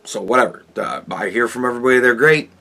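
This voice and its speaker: This is a man in the middle of a casual commentary monologue. He talks bluntly and swears a lot. He often stumbles and restarts his sentences, in a voice of ordinary middle pitch. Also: fast, bright, forceful tone. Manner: blunt, heavy swearing, frequent restarts and stammers. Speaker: podcast host.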